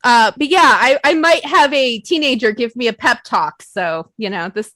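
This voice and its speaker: A woman's voice: on the high side, animated, normal speed, bright, forceful tone, no echo. A young woman co-hosting a casual podcast chat, self-deprecating and swearing, laughing often and acting out her own quotes. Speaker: podcast co-host.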